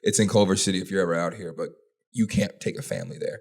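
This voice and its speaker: Fast-talking young podcast host. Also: male voice, deep voice, gravelly. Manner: animated storyteller, jumps into funny voices. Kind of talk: casual chat.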